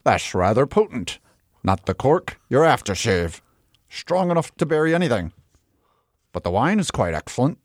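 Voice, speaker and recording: A man's voice: mid-range voice, big pitch swings, moderate pace, dry recording. A man playing a refined, haughty diner who judges a wine in a dry, clipped way. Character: refined man judging a wine over dinner.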